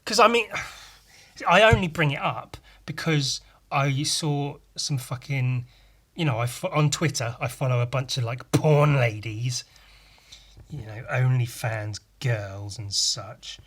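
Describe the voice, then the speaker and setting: Sweary sardonic English man, slow drawl. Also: mid-range voice, fairly bright tone. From England. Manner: sardonic, sweary, mock-outraged asides. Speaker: podcast host. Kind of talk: casual solo rant.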